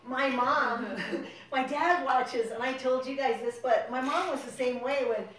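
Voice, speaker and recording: A fairly high-voiced woman rambles through a family story and laughs often. She sounds distant from the mic, in a very echoey room. Faint noise sits underneath her voice. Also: measured pace, fairly bright tone. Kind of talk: casual storytelling.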